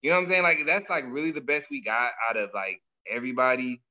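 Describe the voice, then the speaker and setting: A man hosting a casual chat with a bright, forceful voice, loose, slangy and animated, often acting out what others say. The audio sounds dull and lo-fi. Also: mid-range voice, fast talker. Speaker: podcast host.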